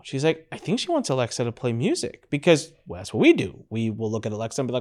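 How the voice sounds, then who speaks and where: A man in his thirties hosting a podcast, telling stories in a lively, animated way. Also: medium pitch, fast talker. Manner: animated storyteller, mimics baby sounds. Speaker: podcast host. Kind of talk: casual panel chat.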